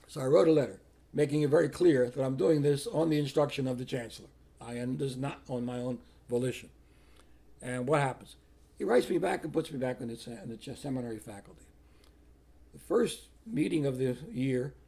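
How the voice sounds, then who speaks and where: A man's voice: medium pitch, vocal fry, mellow, husky. An older man, once a priest, telling his life story plainly in an interview and acting out other people's words. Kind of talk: personal storytelling.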